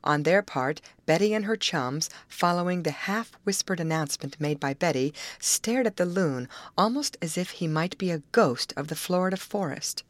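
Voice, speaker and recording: A woman reading a classic novel aloud in a measured narrating style, lifting her voice for the characters' lines. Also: lowish voice, expressive, no echo. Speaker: audiobook reader. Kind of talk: scripted narration.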